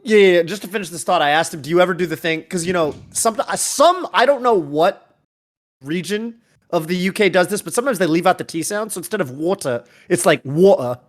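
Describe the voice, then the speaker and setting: A male podcast co-host in loose chat, rambling through stories and poking fun at himself. His voice sits a little higher than most men's, and he keeps talking through restarts. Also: lively intonation, fairly quick. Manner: rambling, self-mocking, storytelling.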